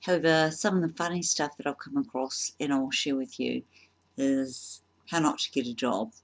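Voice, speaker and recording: A woman doing a casual comedy vlog, self-deprecating and halting with frequent ums. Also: extremely low pitch, fairly even intonation. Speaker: vlogger.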